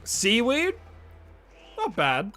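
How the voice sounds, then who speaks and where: Aussie guy streaming games, joking with chat, voice cracks now and then, quiet music in the background. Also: extremely high pitch, huge pitch swings, very slow. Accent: Australian. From Australia. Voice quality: prone to voice cracks. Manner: jokey, greets and answers chat readers. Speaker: live streamer. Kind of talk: casual live-stream chat while gaming.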